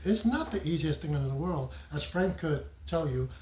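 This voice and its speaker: A middle-aged man, a guest comedian and actor, chatting in an animated, joking, rambling way at a theater venue after a performance. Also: fairly high pitch, normal speed, slight background noise. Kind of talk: casual chat. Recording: roomy echo.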